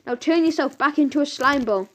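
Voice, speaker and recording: A woman's voice: high voice, a little fast, close to an everyday voice. A woman voicing a cheeky, defiant young boy in a children's audiobook, talking eagerly and bluntly.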